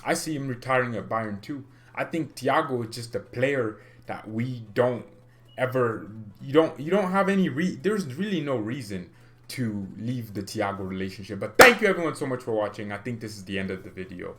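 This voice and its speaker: A young man hosting a fan channel, talking in a casual, excitable and rambling way with quick laughs. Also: mid-range voice. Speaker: football fan channel host. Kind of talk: casual opinion vlog.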